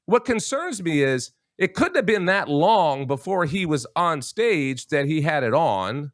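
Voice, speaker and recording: A man's voice: on the high side, big pitch swings, a little slow, no room sound, clean studio sound. A man hosting a talk show, giving an emphatic opinion monologue and talking straight to his listeners as folks. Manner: emphatic, addresses listeners as folks, many restarts.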